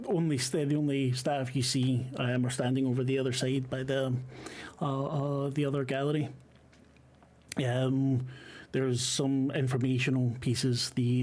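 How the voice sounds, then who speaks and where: A man running a horror tabletop game as game master, setting scenes in a halting, descriptive way. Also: medium pitch, a little mellow. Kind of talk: narrating a horror tabletop game over a call.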